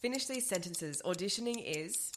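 A woman hosting a podcast in casual chat, enthusiastic and quick to laugh. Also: mid-range voice, expressive, noisy background. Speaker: podcast host.

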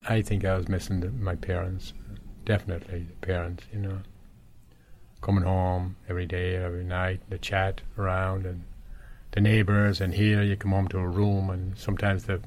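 An Irish man in his seventies from Galway, a corner shop owner being interviewed, rambles through his memories with plenty of "you know" and chuckles. His voice is low and a little mellow, with a level tone and moderate pace. A faint hiss or hum sits under the recording.

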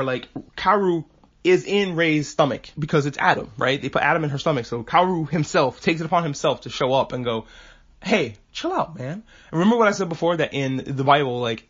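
A man hosting a podcast, recapping an anime film in casual, animated talk and briefly acting out characters' lines. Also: a little high. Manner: animated, acts out characters' lines in quick asides, swears casually. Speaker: podcast host. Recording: dull lo-fi podcast audio.

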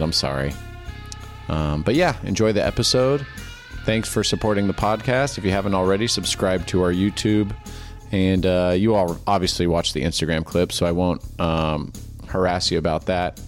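A man hosting a casual podcast, chatty and laid-back, telling stories with lots of fillers. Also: deep voice. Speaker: podcast host.

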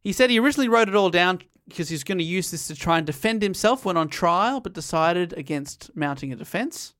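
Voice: mid-range voice, lively intonation, fast, fairly bright tone. A podcast host casually recapping a novel's plot and reading out quotes, often laughing. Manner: recounts the plot with laughter, quoting passages. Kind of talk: casual chat and story recap.

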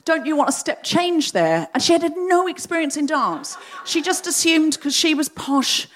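A middle-aged woman, a podcast host, tells a comic personal story on stage before a live audience, lively and acting out the people in it. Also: medium pitch. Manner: lively, animated, acts out the other voices in her story.

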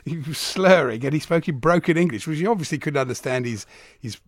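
A man's voice: a little high, lively intonation, quick pace, dry recording, studio quality. A man co-hosting a sports talk radio show, chatting and joking casually, laughing often. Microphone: studio microphone.

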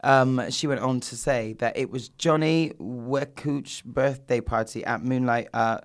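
A man's voice: medium pitch, steady tone, a little slow. Sassy man dishing gossip. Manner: sassy, teasing, playful asides. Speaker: podcast co-host. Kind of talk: casual gossip chat.

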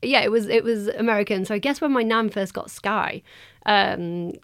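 A woman in her thirties talks as a podcast guest, spinning anecdotes with an easy laugh. Her voice sits at a middling pitch and is recorded dry, with no room sound. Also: dry recording. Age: 30s. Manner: lively storyteller, quick to laugh. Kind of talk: casual chat.

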